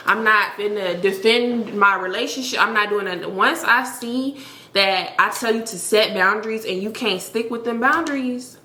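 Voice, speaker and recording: A woman's voice: medium pitch, sharp tone. A woman telling a personal story to her viewers, blunt and frank, with lots of "like" in her talk. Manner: blunt, frank, heavy use of "like". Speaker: storytime vlogger. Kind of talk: casual storytelling to camera. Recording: roomy echo, faint background noise.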